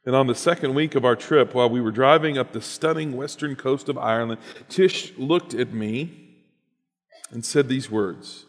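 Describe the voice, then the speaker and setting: A man's voice: mid-range voice, normal speed, big-room sound. A man reading a written personal story aloud in an earnest, reflective way, then reflecting on it as host.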